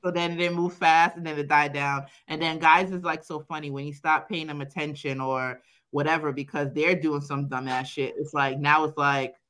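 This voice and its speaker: Bright-voiced woman telling a profane story. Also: low voice, normal speed. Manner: profane, animated, quotes herself, laughs often. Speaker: podcast co-host. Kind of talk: casual chat, personal storytelling.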